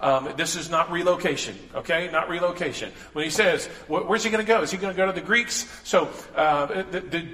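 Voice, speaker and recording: Pastor, man, bright forceful voice, casual preaching style, echoey church hall. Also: on the high side, a little fast, few pauses. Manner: conversational preaching with asides and restarts. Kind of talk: sermon. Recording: echoey hall with long reverb.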